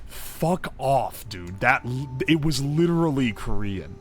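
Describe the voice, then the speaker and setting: A man streaming a game live, reading out ingredient lists and swearing in loud disbelief, then making himself talk calmly. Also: medium pitch, slow, slight background noise. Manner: excitable and profane, swearing and yelling in disbelief. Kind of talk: live-stream gaming commentary.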